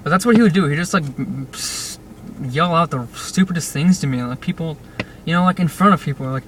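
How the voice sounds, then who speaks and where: A man's voice: fairly high pitch, fairly quick, fairly bright tone. Young man, rambling car vlog, distant mic, road noise underneath. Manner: rambling, restless, fillers and self-interruptions. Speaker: vlogger. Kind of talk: casual vlog while driving. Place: car in traffic.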